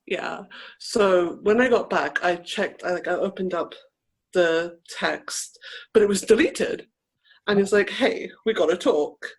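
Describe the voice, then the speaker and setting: Husky-voiced podcast cohost, rambling through a story, acts out what everyone said. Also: mid-range voice, measured pace. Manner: rambling storyteller who acts out quoted lines, heavy use of "like". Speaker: podcast co-host. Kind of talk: casual chat, telling a personal story.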